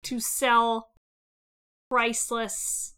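A woman co-hosting a podcast in casual chat. Her voice sits high and sounds bright and sharp. She is blunt and skeptical and swears offhandedly. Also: completely flat delivery, drawn-out words, clear, resonant tone. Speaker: podcast co-host.

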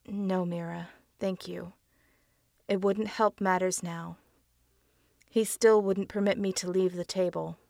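A woman's voice: lowish voice, fairly even intonation, takes it slowly, vocal fry, pauses often, darkish tone, no echo, clean studio sound. A woman voicing a tormented man, trapped and pleading in a strained voice. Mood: weary.

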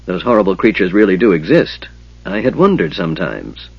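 A man voicing a haunted, solemn male plainsman warrior in an audiobook, speaking quietly and haltingly in a husky voice. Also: deep voice, very animated, dry recording, lo-fi sound, full character voice.

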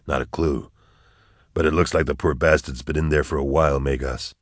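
A man's voice: extremely low pitch, steady tone, brisk, no echo, studio quality, pitched below the performer's own voice. A man voicing a stern, commanding male soldier who speaks curtly. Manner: curt, commanding.

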